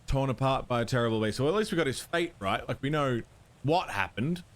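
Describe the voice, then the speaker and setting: A man's voice: mid-range voice, fairly quick. A man streaming a puzzle game, thinking aloud, muttering guesses and swearing now and then. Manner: bursts of excited chat greeting viewers. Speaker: livestreamer playing a puzzle game. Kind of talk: live gameplay commentary.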